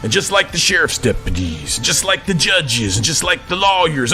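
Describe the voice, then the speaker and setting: A man's voice: medium pitch, very animated, moderate pace, vocal fry, hardly any pauses, pushed and bright, soft background music. A man, ranting to camera from his office in the persona of a command sergeant major, preachy and stammering when worked up. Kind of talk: impassioned rant to camera.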